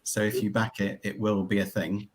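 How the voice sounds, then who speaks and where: A man's voice: fairly low pitch, level tone, normal speed. Matter-of-fact man plugging a book. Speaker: guest author. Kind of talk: casual live-stream chat.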